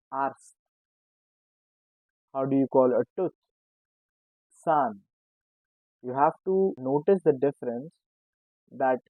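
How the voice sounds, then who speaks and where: A man teaching a beginner language lesson, speaking slowly and explaining patiently while repeating each example word. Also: mid-range voice, no echo. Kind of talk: casual spoken lesson. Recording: tinny phone-like sound, dry.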